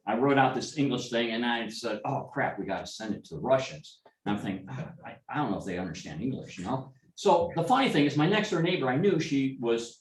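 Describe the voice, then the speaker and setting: Rambling storyteller man in an echoey room. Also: medium pitch. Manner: rambling anecdotal storytelling with restarts and asides. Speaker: club member telling stories. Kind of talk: informal talk to a club meeting. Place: meeting room. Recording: echoey room, speaker far from mic.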